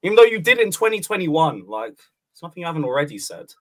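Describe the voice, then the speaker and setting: A man with a fairly high, animated voice on a football podcast panel. He teases the others and swears freely in casual banter. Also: quick pace.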